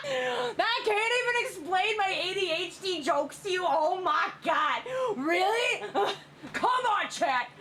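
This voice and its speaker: Super high giggly girl streamer, voice bouncing all over, bit of hiss. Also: measured pace. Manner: giggly, animated, rambling. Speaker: streamer reacting to fan memes. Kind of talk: excited casual commentary.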